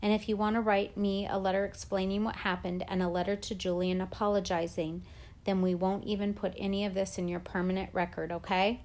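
A patient school principal, middle-aged and kindly, speaks in a gentle and reasonable way, voiced by a woman reading aloud. It is a storybook reading with a plain, mid-height voice. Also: medium pitch, level tone, a little fast, lightly acted. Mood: reassuring.

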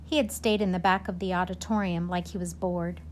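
A woman narrating a first-person storybook in a gentle, measured way. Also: on the low side, steady tone, slight background noise. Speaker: audiobook narrator.

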